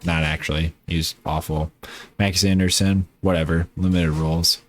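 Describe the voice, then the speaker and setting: Low male voice, gaming commentary, offhand, rambling, tired. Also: flat delivery, normal speed. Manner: rambling, self-correcting, offhand. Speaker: gaming YouTuber. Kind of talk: casual game commentary.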